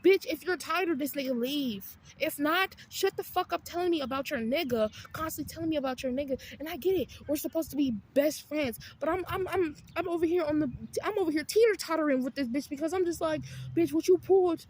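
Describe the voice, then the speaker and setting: A woman vlogger telling a story outdoors in a casual, profane, animated way, switching to a raised voice when she repeats her own retorts. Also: sits high, brisk, few pauses.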